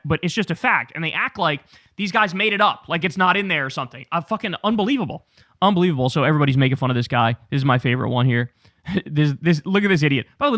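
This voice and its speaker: A man hosting a political talk show, giving animated, profane commentary and mocking the people he talks about. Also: on the high side, dry recording, studio quality. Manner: profane, mocking and animated, laughing at his targets.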